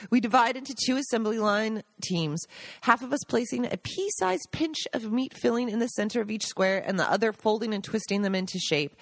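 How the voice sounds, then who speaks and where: A woman's voice: medium pitch, a bit bright, dry recording. Woman reading her own memoir aloud. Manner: breaks off the reading for emotional asides, laughing and choked up.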